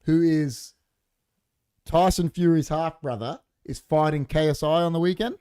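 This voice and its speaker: A man's voice: fairly high pitch, unhurried, dark tone, clear, resonant tone, dry recording, studio quality. A man hosting a casual podcast, telling stories animatedly and swearing freely. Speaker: podcast host.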